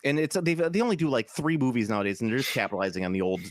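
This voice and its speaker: A man in his forties talks loosely and rambles, tossing in jokes and laughing often. His voice sits at an ordinary middle pitch. It is recorded close and dry, with no room sound. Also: animated, racing, dry recording. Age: 40s. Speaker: podcast co-host. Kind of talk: casual chat.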